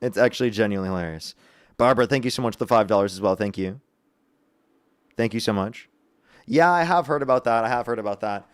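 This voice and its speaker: A man's voice: lowish voice, fast talker, long pauses, smooth, no echo, clean studio sound. A man hosting a livestream, chatting casually and thanking viewers for donations. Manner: amused, reading out donations. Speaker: livestream host.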